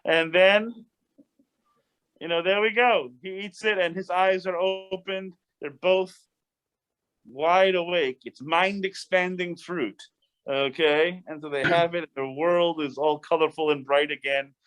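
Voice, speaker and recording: A fairly high-voiced man teaches a casual Bible study as a rabbi. He is animated and chatty. He restarts his sentences often and wanders into asides. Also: unhurried, clear, resonant tone.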